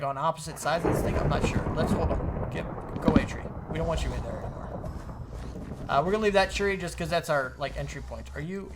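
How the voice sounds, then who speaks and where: A man giving casual commentary over his modded gameplay, excitable, laughing often and jumping to high-pitched exclamations. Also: background noise. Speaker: gaming video host.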